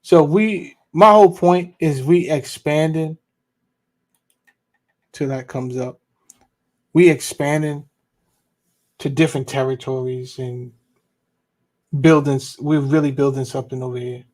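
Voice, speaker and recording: Man, livestream host, relaxed slangy chat, slightly high voice. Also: a little slow, long pauses. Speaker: podcast host.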